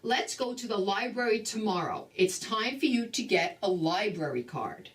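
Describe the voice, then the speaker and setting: A gentle loving mom, read by a grandma. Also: female voice, mid-range voice, lively intonation, moderate pace, distant mic, natural voice. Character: gentle loving mother of a small child.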